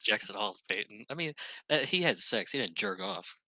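A man's voice: on the low side, animated, moderate pace, pushed and bright, no echo, low-quality recording. A man who is a guest on a casual comedy podcast, giggling and playful as he talks.

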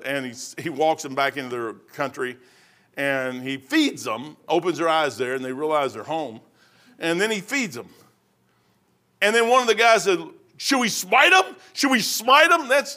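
Bright-voiced folksy man preaching. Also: sits high. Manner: rambling, folksy, rising to loud emphatic bursts. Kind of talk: informal sermon.

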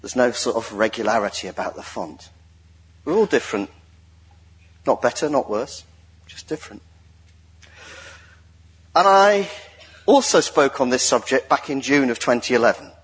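A man giving a sermon in a joking, lively way, drawing the congregation into an exercise. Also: mid-range voice, husky. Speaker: lay preacher. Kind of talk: sermon with audience participation.

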